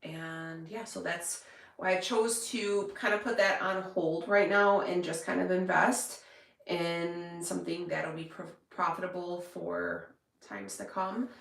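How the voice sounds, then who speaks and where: A woman's voice: fairly low pitch, steady tone, a little slow, vocal fry, fairly bright tone. A woman vlogger chatting casually to her viewers, rambling with lots of fillers and restarts. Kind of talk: casual chat to camera. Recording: echoey room.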